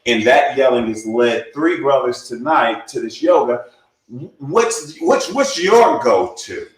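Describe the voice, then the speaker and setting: A man's voice: mid-range voice, expressive, takes it slowly. A man hosting a casual chat who talks with enthusiasm. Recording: echoey room.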